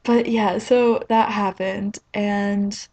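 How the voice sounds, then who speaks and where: A woman's voice: mid-range voice, fairly even intonation, slow pace, darkish tone. A young woman telling a rambling, self-mocking story in a casual vlog, filling it with "like.". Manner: chatty and rambling, heavy on "like". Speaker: vlogger.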